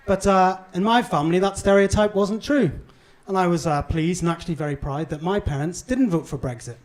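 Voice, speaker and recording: A man's voice: sits high, a little fast. A young man with a mild Northern Irish accent doing a punchy, self-deprecating stand-up set on a comedy club stage. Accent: Northern Irish, toned down. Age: young adult. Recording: live club recording with audience noise. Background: audience laughter and cheers.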